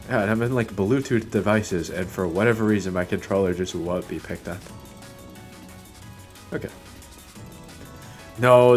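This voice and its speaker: A young man streaming a game, chatting casually, rambling and swearing, with sudden loud outbursts between mumbles. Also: medium pitch.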